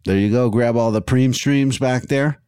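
A man's voice: medium pitch, moderate pace, mellow, clean tone, no room sound, studio quality. A man hosting a comedy podcast, laid-back and goofy as he runs through plugs. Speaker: podcast host. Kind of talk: casual comedy chat.

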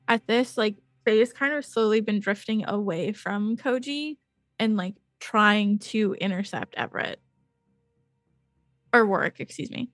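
A woman's voice: mid-range voice, measured pace, no echo, studio quality, faint music behind. A woman playing a tabletop game, hesitant and thinking aloud. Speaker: player. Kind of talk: casual play at a tabletop game.

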